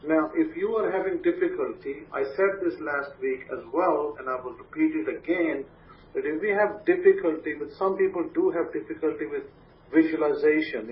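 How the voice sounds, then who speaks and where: A man giving an emphatic, repetitive sermon-style teaching, often saying "you know" as he goes. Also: mid-range voice. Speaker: rabbi preaching to his community. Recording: distant, muffled lo-fi recording with faint noise.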